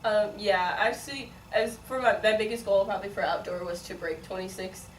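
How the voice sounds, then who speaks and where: A woman's voice: mid-range voice, steady tone, a little fast. Chatty young woman in an echoey room. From Chicago, raised partly in Las Vegas. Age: 20s. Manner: chatty, many likes and ums, laughs often. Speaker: college sprinter, interview guest. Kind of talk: casual interview answers. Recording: echoey room, mic at a distance, faint noise.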